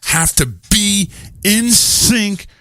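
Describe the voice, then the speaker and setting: A man's voice: high-pitched, expressive, very slow, sharp tone, no room sound, studio quality. A man hosting a radio show, chatting casually and joking around, sometimes slipping into silly voices.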